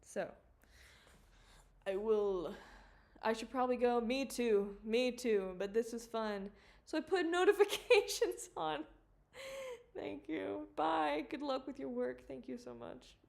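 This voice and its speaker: Working at her computer in a home studio, a woman animator livestreams and chats casually, rambling, giggling and swearing freely. Her voice is fairly high, with vocal fry, and she takes her time.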